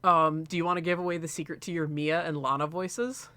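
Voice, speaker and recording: A man's voice: on the high side, level tone, fairly quick, pushed and bright, clean tone, no room sound. A man co-hosting a stream, chatting casually, rambling with frequent laughter and swearing. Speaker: streamer co-host. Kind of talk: casual chat.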